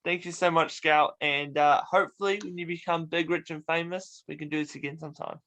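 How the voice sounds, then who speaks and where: A man's voice: a little high, brisk. A young man, hosting a casual, easygoing interview chat. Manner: easygoing, relaxed, laid-back. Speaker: host.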